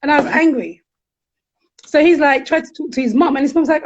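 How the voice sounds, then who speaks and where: In a muffled recording, a middle-aged woman whose voice sits high speaks as a guest counsellor. Her storytelling is candid and conversational, animated and frank, and she's quick to act out what people said.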